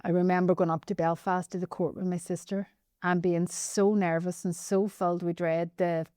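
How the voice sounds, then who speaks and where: A woman with a Northern Irish accent telling a personal story as a podcast guest, animated and often addressing the host by name. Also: fairly low pitch, normal speed, clear, resonant tone, no echo, studio quality. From Northern Ireland.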